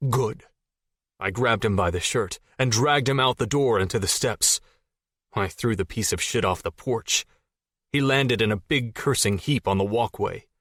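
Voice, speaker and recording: A man with a fairly low voice narrates a fantasy novel in the first person. His reading is steady and measured, recorded close in a dry studio. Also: no room sound. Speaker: audiobook narrator.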